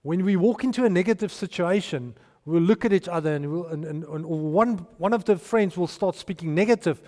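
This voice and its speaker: A man preaching a sermon, animated and storytelling, with restarts and hushed asides. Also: high-pitched, a little fast. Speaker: pastor. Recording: long hall reverb.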